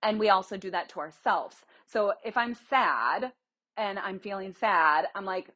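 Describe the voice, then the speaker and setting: A woman's voice: medium pitch, a little slow, pushed and bright. A young woman hosting a casual solo podcast, chatty and rambling, explaining things through everyday examples. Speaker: podcast host.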